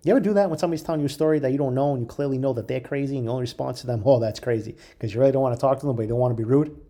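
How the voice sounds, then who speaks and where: A man's voice: mid-range voice, rapid-fire. A man telling a long personal story in a casual, profane way, acting out the people in it. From Italian heritage, US. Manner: profane, animated, quotes others in voices.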